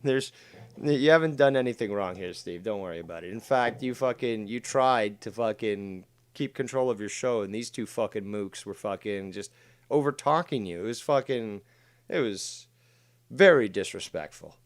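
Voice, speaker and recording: A man hosting a livestream with a slightly low voice. He talks bluntly and swears freely. He reads chat comments aloud in an offhand way. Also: normal speed. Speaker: host.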